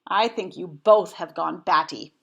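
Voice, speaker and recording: A woman's voice: on the low side, unhurried, creaky, pushed and bright, exaggerated voice. Woman reading an exasperated fussy husband. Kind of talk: read-aloud storybook voice.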